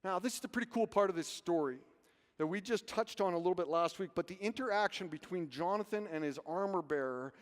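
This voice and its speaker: A man's voice: high voice, fast talker. A man preaching a sermon as pastor, telling stories and asking rhetorical questions. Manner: animated storytelling, rhetorical questions. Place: church sanctuary. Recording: reverberant hall.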